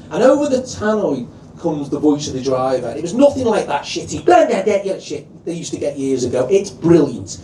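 A man with a Liverpool accent compering a comedy night, loud and animated, swearing freely and acting out other people's voices. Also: on the high side, a little hiss or hum. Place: comedy venue. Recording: echoey venue, recorded from a distance.

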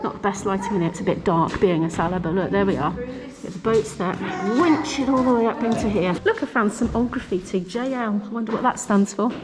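A woman's voice: medium pitch, fairly quick. A woman narrating a casual travel vlog while touring a castle, curious and lightly humorous. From Britain. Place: outdoors and inside a stone castle.

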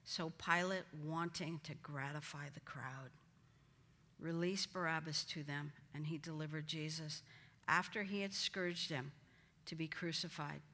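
A woman's voice: sits low, measured pace, sharp tone. A woman teaching a Bible study, acting out the quoted lines with dramatic emphasis. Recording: hall reverb.

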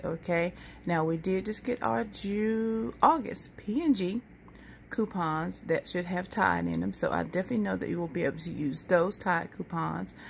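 In a lowish, gravelly voice, a woman vlogger casually runs through coupon deals for her viewers, pricing things item by item and addressing them as "y'all." A slight hiss or hum sits in the background.

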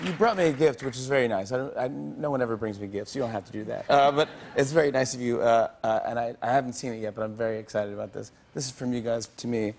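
A man's voice: mid-range voice, fast talker, creaky, hardly any pauses, a little mellow, a little hiss or hum. A man hosting a late-night talk show, gushing and stammering with frequent laughs. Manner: enthusiastic, stammering, laughs a lot. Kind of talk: excited late-night interview. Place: TV studio with a live audience. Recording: cheering studio audience.

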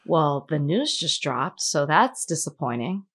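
A woman co-hosting a podcast, talking in a chatty, casual way. She peppers her sentences with "like" as she tells a story. Her voice sits slightly low for a woman. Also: sing-song, unhurried, fairly bright tone, husky. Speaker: podcast co-host. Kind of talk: casual chat.

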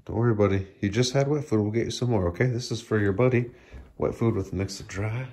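The warm, low-side voice belongs to a cat owner making a casual home vlog beside a sliding door. Talking at a quick pace, he sweet-talks his cats in baby talk, often slipping into a whisper.

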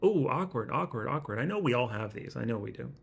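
Awkward halting man with a gravelly voice. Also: mid-range voice, expressive. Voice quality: constricted throat sound. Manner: self-deprecating, halting, searches for words. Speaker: vlogger. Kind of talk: rambling self-conscious vlog. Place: indoors in a house. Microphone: laptop webcam.

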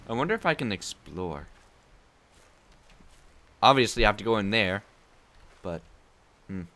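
Male horror gamer, slow jokey muttering, bright tone, panics loud when scared. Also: fairly low pitch. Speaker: let's play gamer. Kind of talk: horror game commentary.

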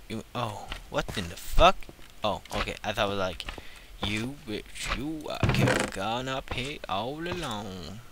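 A young man giving casual, profane gameplay commentary, jumping from low mutters to squealing shouts. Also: very noisy. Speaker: gaming channel host.

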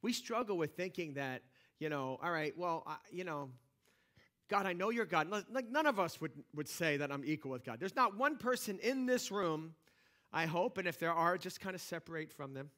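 A man's voice: fairly high pitch, lively intonation, moderate pace, pushed and bright. A man preaching a sermon as pastor in a church, talking conversationally with lots of restarts and rising energy. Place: church sanctuary.

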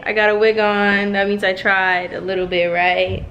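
A woman's voice: mid-range voice, little pitch movement, normal speed, few pauses, fairly bright tone, reverberant, distant mic, a little hiss or hum. Laid-back young woman vlogging at home. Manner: laid-back, laughing, slangy. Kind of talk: casual vlog chat.

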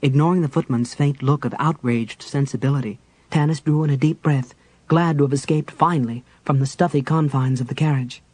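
Male audiobook narrator, breathy tone, steady storyteller pacing. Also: medium pitch, fairly quick, low-quality recording. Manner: even, storytelling delivery.

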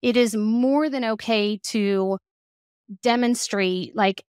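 Animated woman explaining, dry close sound. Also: on the high side, takes it slowly, smooth, no room sound. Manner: animated, acts out quoted voices, frequent "like". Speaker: guest expert on child emotional regulation; mother of two. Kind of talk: conversational podcast interview.

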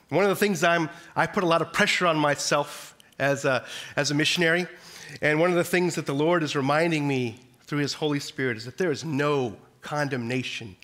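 A man's voice: a little high, a bit bright. A man, a missionary, giving an earnest chapel sermon with frequent restarts. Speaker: missionary speaker.

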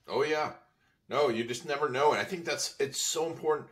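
A man's voice: on the high side, brisk, a bit bright, far from the mic. A man hosting an interview podcast, mostly short agreeing replies and follow-up questions. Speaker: podcast host. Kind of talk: interview chat.

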